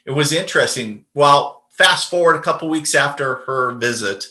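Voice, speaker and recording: A man's voice: on the high side, expressive, moderate pace, bright, forceful tone, echoey room. A man, a podcast guest and medium, telling a personal story in a casual, rambling way with lots of fillers and restarts.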